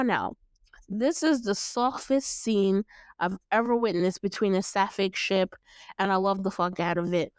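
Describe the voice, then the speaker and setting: Smooth-voiced young woman hosting a recap. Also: fairly high pitch, dry recording. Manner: animated, laughing, acts out lines in playful voices. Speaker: podcast host. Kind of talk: casual recap chat.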